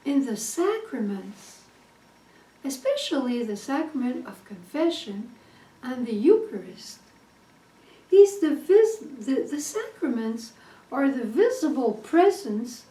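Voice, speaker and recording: A woman preaching a sermon, earnest and storytelling in manner, with a slow, lively delivery in an echoey room. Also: high voice. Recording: echoey room, distant mic.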